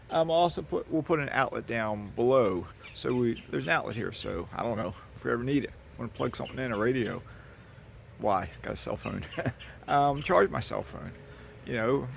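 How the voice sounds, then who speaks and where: A man with a strongly gravelly, creaky voice rambles folksily as he shows off his dock. He is recorded outdoors on a handheld camera while walking, with faint birdsong and light hiss behind him. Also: medium pitch. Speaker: vlogger giving a property tour. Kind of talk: casual walk-and-talk tour. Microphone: handheld camera carried while walking.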